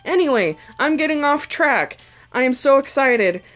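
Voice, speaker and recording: A woman's voice: high voice, lively intonation, moderate pace, a bit bright. A young woman hosting her own gaming channel, chatting emotionally to herself and the game characters as she opens card pulls. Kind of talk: casual gacha-pull commentary. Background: faint game music.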